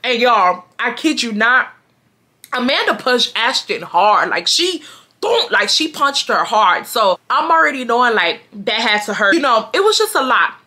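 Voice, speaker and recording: A young woman, chatting casually as a vlogger and telling a story in an animated, slangy way. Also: on the high side, moderate pace. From Houston, Texas. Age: 20s.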